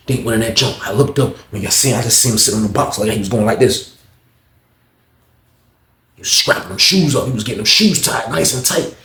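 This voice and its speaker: A man telling a story in casual talk, acting out each person with loud raised voices and dropping to hushed asides. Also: medium pitch, roomy sound.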